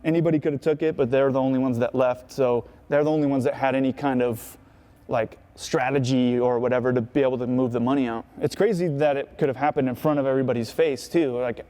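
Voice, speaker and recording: Casual, profane man with a mellow voice. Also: mid-range voice, fairly even intonation, quick pace. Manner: casual, profane, peppered with "right?" and "you know". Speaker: skateboarder. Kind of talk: recounting his past in an interview.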